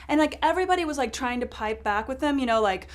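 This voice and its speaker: A self-absorbed, ditzy lifestyle reporter acted by a woman tells her story in a slightly high voice. She rambles, stacks up fillers and restarts her sentences, the way a comedy sketch correspondent would. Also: animated, quick pace. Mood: chatty. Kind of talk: improvised comedy sketch monologue.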